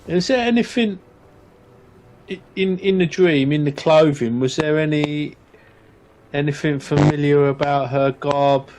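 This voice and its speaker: A man's voice: a little high, measured pace, a little mellow, slight background noise, low-quality recording. Hesitant man playing his character. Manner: hesitant, thoughtful. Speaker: player. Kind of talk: speaking in character in a tabletop game.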